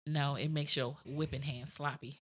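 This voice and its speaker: Low-pitched bright woman, frank and casual. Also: steady tone, normal speed. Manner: frank, matter-of-fact, laughs often. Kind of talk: casual podcast chat.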